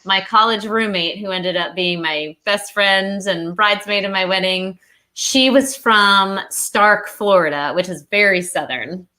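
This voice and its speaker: A woman from Rhode Island hosting an interview podcast, telling stories in a quick, animated way. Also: mid-range voice. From Rhode Island, New England. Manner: fast-talking, animated storyteller. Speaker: podcast host. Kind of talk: casual interview chat.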